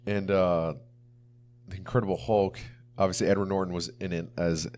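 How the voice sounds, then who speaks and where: A man's voice: sits low, little pitch movement, normal speed, a little mellow. A young man co-hosting a casual movie review chat, rambling with lots of fillers. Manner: rambling, filler-heavy, mimics movie lines. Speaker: podcast co-host.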